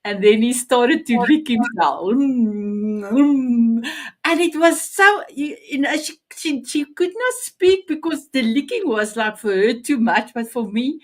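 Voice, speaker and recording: Woman host with halting, repeating speech. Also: sits high, very animated. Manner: halting, repeats words while telling a story. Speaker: show host. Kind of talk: interview hosting.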